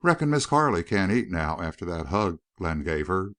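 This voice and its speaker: Guy reading as a drawling western rancher, folksy, low voice, dry sound. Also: big pitch swings, moderate pace, fairly bright tone, no room sound. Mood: joking.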